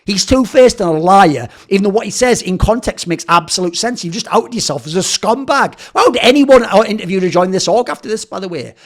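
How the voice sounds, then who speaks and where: Ranting man, high lively voice. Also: fairly quick, hardly any pauses. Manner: angry, sarcastic, swears often; mocking put-on voices when quoting. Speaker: esports commentator. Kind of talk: ranting video commentary.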